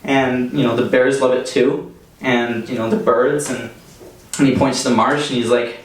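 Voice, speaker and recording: A man's voice: mid-range voice, little pitch movement, normal speed, recorded from a distance, a little hiss or hum. A young man from Canada telling a personal story to a live audience, chatty and casual, with plenty of fillers and laughter. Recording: echoey room, heard from off the mic.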